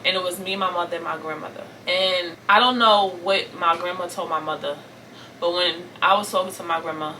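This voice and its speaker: Emotional woman venting to camera, bright voice. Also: fairly low pitch, recorded from a distance, a little hiss or hum, low-quality recording. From Brooklyn, New York. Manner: raw and tearful, repeating phrases, rising intensity then soft pleading. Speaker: vlogger. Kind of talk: emotional storytime vent to camera.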